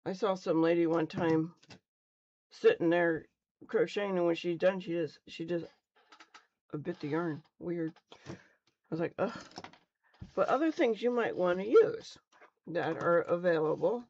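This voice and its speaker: A woman's voice: fairly low pitch, measured pace, pauses often, darkish tone, highs cut off. A middle-aged woman casually teaching beginners on a live stream, chatty and rambling, often stumbling over her words. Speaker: crochet teacher.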